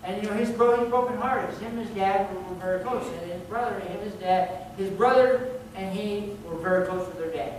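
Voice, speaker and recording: A man's voice: high voice, fairly quick, few pauses. A male pastor preaching a sermon in a conversational way, often restarting and repeating words as he goes. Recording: very echoey hall, distant mic, background noise.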